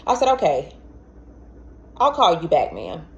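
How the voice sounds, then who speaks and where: Animated woman telling a personal story. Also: low-pitched, a little slow, muffled recording. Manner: animated, acts out quoted voices, stammers and repeats words. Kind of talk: casual storytelling.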